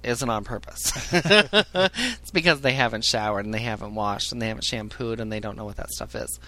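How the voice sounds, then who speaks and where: A man telling a crude comic story in a casual, animated way, swearing freely and laughing at his own jokes. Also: medium pitch, moderate pace. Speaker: podcast storyteller.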